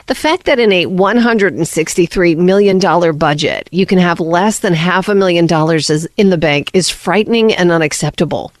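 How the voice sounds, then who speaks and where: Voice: mid-range voice, normal speed, few pauses, no room sound. A radio host reading the morning news and weather in a chatty way, with many asides and fillers. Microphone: studio microphone.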